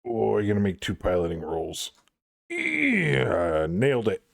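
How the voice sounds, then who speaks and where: A man's voice: fairly low pitch, big pitch swings, measured pace, gravelly. A man streaming a co-op mech game, joking crudely and laughing often. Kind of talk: casual joking game chat.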